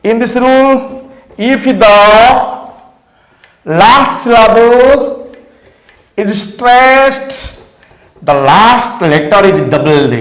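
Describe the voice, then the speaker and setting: A man with an Indian English accent gives a grammar lesson in a high voice, drawing out every word very slowly. He repeats examples and spells letters one by one. The room around him rings with echo. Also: fairly bright tone. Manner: slow, deliberate, repeats words and spells letters out. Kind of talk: slow classroom grammar lesson. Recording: echoey room.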